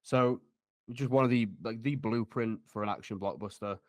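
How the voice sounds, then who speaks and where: A man's voice: mid-range voice, moderate pace, no room sound. A man co-hosting a casual movie podcast, scattered and swearing as he ranks films. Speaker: podcast co-host. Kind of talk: casual movie-ranking chat.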